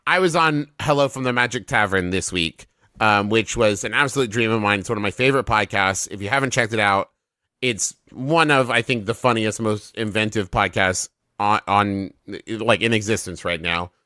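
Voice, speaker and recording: A man's voice: fairly low pitch, normal speed, pushed and bright, no echo, clean studio sound. A man co-hosting a comedy podcast, rattling off eager, rambling plugs. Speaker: podcast co-host. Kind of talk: casual comedy podcast banter.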